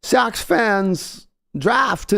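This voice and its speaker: A man putting on a comic celebrity impression of a man trapped in a halting, oddly phrased voice. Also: high voice, expressive, creaky, fairly bright tone, voice pushed up, heavily acted. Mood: panicked. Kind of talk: comic impression on a live stream.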